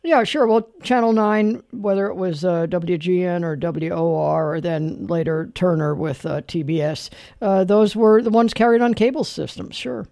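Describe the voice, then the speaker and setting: A man's voice: high-pitched, normal speed, creaky, hardly any pauses, a little mellow, no echo, clean studio sound. A middle-aged man hosting a late-night call-in radio show, talking candidly and rambling with many fillers and restarts. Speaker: radio talk show host.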